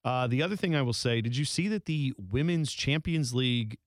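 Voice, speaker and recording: Dude on a soccer podcast, mid pitched voice, easygoing and a bit wry, dry sound. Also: male voice, expressive, fairly quick, dry recording. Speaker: podcast co-host. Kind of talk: casual chat.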